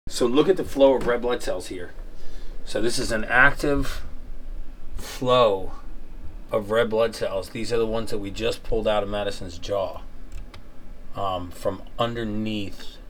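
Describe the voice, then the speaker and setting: Low-voiced man talking through numb mouth. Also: a bit bright, a little hiss or hum. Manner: explaining steadily, lecture-like. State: mouth numb with gauze inside. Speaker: host, patient. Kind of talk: conversational explanation. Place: dental office.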